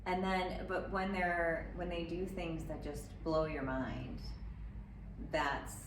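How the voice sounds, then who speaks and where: A woman who is a mother and podcast guest, telling lively stories in casual chat. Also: fairly low pitch, slow. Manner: chatty, animated storyteller. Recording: echoey room, mic far off, noisy.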